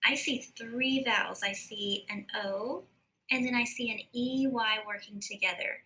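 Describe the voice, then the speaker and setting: A woman teacher giving a recorded phonics lesson, slowly and carefully sounding out words. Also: a little high, sharp tone, rough recording.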